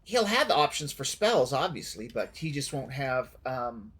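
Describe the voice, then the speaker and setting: A man streaming a game offers casual, rambling commentary, often restarting and correcting himself as he thinks aloud. His voice is slightly husky. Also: medium pitch, big pitch swings, a little slow, fairly bright tone.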